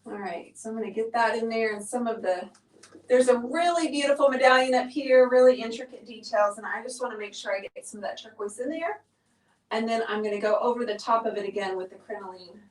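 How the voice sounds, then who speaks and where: A woman's voice: on the high side, a little fast. Chatty, breathless woman painting live. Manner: chatty and upbeat, talks while working. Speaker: painter hosting a live stream. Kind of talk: live painting tutorial chat. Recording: voice heard from a distance.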